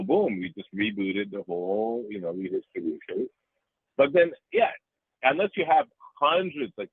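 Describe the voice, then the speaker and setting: A man talking in a casual interview, animated, rambling and profane. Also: lowish voice, husky, no echo. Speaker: interview guest. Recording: dry, tinny phone-like line.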